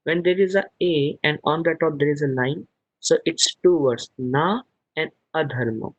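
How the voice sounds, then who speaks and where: A man's voice: on the high side, normal speed, no echo, dull audio. A man teaching a scripture class over a video call, explaining verses word by word and chanting Sanskrit lines. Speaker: spiritual teacher.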